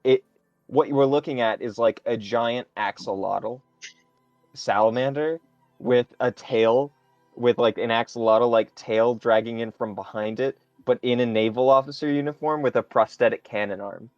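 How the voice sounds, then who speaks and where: A man narrating a tabletop game as game master, describing scenes in a halting, improvised way. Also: medium pitch, a little mellow, no echo, dull audio, soft background music.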